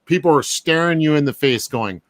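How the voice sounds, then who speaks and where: A man hosting a casual chat, relaxed and reflective, chuckling often. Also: on the high side, brisk, no room sound.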